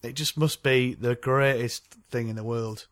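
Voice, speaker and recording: A man co-hosts a fan podcast in relaxed, casual chat. He talks with eager enthusiasm and a joking streak. His voice sits at an ordinary middle pitch. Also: measured pace. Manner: enthusiastic, chatty, jokey. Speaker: podcast co-host.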